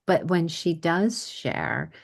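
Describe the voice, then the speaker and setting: Middle-aged female host, slightly low pitch, chatty storyteller in casual interview. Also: expressive, takes it slowly, gravelly. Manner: warm storytelling about her own parenting, chatty. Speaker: podcast host.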